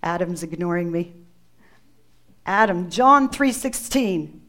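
A woman's voice: fairly low pitch, animated, takes it slowly, fairly bright tone. A woman preacher delivering a sermon, emphatic, repeating key phrases and calling on listeners by name.

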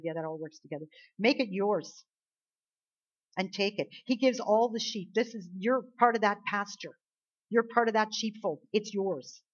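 A woman preaching a sermon, talking casually with the congregation and swinging between hushed and emphatic. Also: mid-range voice, muffled recording.

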